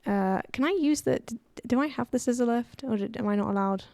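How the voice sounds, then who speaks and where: A woman's voice: a little high, fairly quick, vocal fry, warm tone, no room sound. A woman streaming a game, chatting casually, giggling and reading chat aloud, her voice a little worn. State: voice a bit worn.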